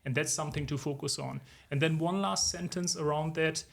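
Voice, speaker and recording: A man in his forties, a consultant guest in a podcast interview, answering in a measured, reflective way with many "um"s and "if you will". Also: on the high side, steady tone, gravelly.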